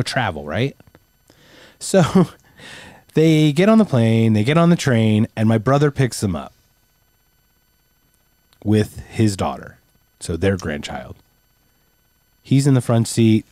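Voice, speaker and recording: Lively, laughing podcast guy in his forties. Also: mid-range voice, no room sound. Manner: animated storyteller, laughs often, swears freely. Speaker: podcast co-host. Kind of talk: casual chat.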